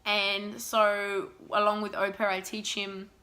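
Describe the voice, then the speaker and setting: A young woman, telling stories in a chatty, animated, self-mocking way in a casual vlog. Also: mid-range voice, slow pace. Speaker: vlogger.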